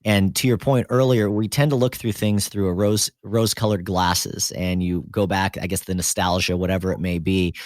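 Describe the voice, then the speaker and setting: A man's voice: low voice, flat delivery, normal speed, hardly any pauses, dry recording, studio quality. A man hosting a podcast interview, speaking reflectively and appreciatively to his guest. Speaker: podcast host. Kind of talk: casual interview chat.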